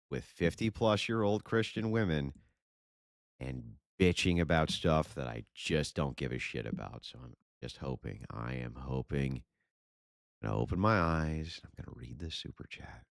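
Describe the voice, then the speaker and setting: A man's voice: a bass voice, animated, measured pace, vocal fry, pauses often, no echo, studio quality. A man hosting a livestream and reading super chats in a blunt, profane, sarcastic way. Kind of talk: casual livestream chat.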